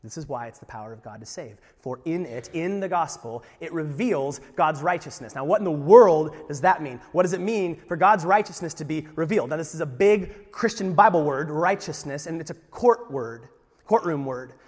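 A man preaching a sermon as pastor, animated, jumping from loud emphasis to quiet asides with jokes along the way. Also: on the high side, normal speed. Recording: long reverb of a large hall.

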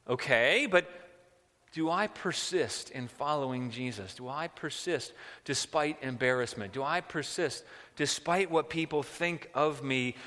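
A man's voice: on the high side, pushed and bright. A man preaching a sermon as a pastor, talking conversationally and acting out quotes. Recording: long hall reverb.

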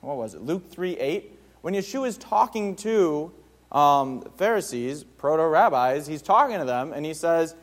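A man's voice: a little high, expressive, unhurried. A man giving a conversational Bible teaching to his community, informal and emphatic, with frequent fillers and restarts. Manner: emphatic on key points.

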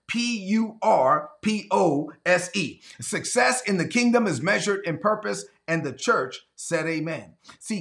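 Male pastor, slightly high voice, emphatic livestream preaching, drawn-out stresses. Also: vocal fry, bright, forceful tone. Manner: emphatic preaching, slows down to stress key words. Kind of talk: sermon.

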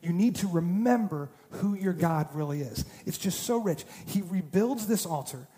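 A man preaching a sermon, telling the story with animated, dramatized quotes and touches of humor. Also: high voice, moderate pace. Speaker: pastor. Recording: long hall reverb.

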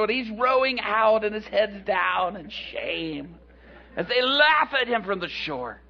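A man preaching a sermon, retelling a Bible story in an animated, dramatic way, on a dull lo-fi recording. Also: sits high, slow, gravelly.

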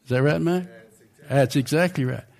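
A man's voice: on the high side, normal speed, gravelly, a little mellow. An older man preaching a sermon in a conversational way, often asking the congregation questions.

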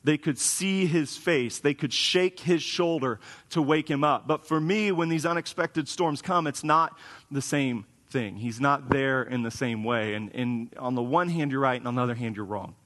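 A pastor preaches a conversational sermon in a church sanctuary, and the recording carries a long hall reverb. His mid-range voice is fairly bright and moves at a moderate pace, and his delivery is casual and wry with frequent restarts.

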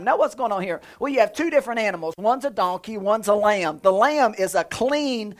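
A man in his thirties preaching a sermon in a lively, conversational way, with jokes and playful sound effects. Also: sits high, a little fast, few pauses. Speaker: pastor.

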